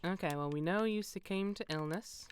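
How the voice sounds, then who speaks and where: A woman's voice: lowish voice, moderate pace, faint music behind. Wry, joking woman streamer. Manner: joking, wry, talks to herself and chat. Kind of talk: casual gameplay commentary.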